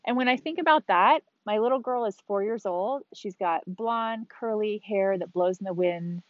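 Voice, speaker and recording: A woman's voice: mid-range voice, normal speed, dry recording. A woman in her forties hosting a podcast, talking candidly and with exasperation about her day, swearing now and then. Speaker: podcast host. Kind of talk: casual solo monologue. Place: outdoors on a beach. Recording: dull, slightly lo-fi sound.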